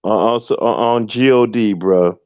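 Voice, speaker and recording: A man's voice: on the low side, normal speed, a little mellow, dry recording. A man talking in casual, emphatic slang on a podcast. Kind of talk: casual chat. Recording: dull, dry, lo-fi audio.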